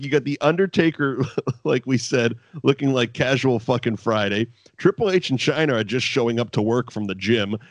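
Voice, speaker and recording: A man's voice: medium pitch, dry recording. Guy rambling through a wrestling recap, swears a lot, laughs a bunch, voice jumps all over, dry close sound. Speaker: podcast co-host. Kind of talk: casual wrestling recap chat.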